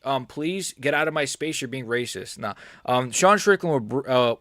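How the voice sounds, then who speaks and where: A man's voice: mid-range voice, animated, moderate pace, few pauses, a bit bright, no echo. A male streamer rambles loosely about fights, cracking crude jokes and trailing off mid-thought. His voice sits in a middle range. The sound is dry and close. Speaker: MMA streamer. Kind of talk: casual livestream chat.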